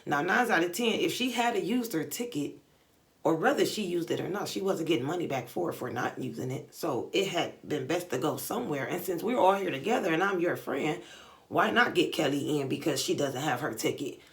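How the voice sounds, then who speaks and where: Gravelly-voiced woman telling a story. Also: sits low, fairly quick. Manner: animated, slangy retelling with lots of quoted dialogue. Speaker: beauty vlogger. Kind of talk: casual storytime chat.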